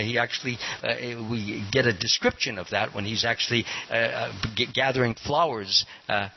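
A man giving a devotional lecture as a spiritual teacher, speaking in an animated way and quizzing his audience. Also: mid-range voice. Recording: dull lo-fi recording with hiss.

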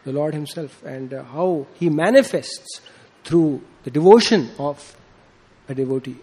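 In an unhurried, slightly mellow voice with a breathy edge, a man shares a story during a casual devotional sermon. He performs the quoted dialogue with rising pitch and leans heavily on fillers.

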